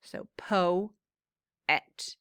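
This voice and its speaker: A woman's voice: a bit bright, dry recording, clean studio sound. A woman teacher patiently explaining syllable patterns in a classroom phonics lesson. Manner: slow, patient explaining with drawn-out words.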